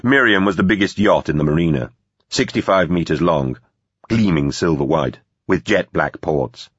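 A male narrator reads an audiobook in a steady, measured way. His voice is very deep and husky. The recording sounds dull and dry. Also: no room sound. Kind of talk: scripted narration.

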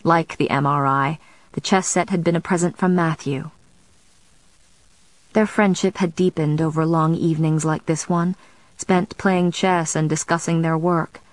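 A woman narrating a novel in a measured, steady storytelling manner. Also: low-pitched, no echo, poor audio. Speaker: audiobook narrator. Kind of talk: scripted narration.

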